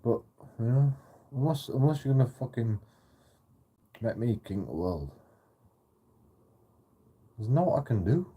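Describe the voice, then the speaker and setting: A man's voice: medium pitch, animated, a little slow, long pauses, mellow, slightly rough. A man ranting profanely to camera in a repetitive monologue vlog. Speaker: channel host.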